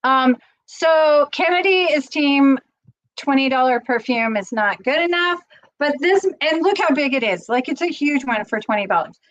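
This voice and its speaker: A woman's voice: high-pitched, animated, moderate pace. Chatty rambling middle-aged woman, lo-fi. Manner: chatty and rambling, gets teary. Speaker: channel host. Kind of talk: casual live-stream chat.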